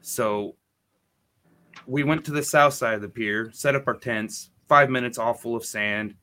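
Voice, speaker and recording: A man's voice: medium pitch, a little slow. A man in his forties telling a rambling, profane story in a casual podcast chat. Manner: rambling, profane, animated quoting. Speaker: podcast co-host.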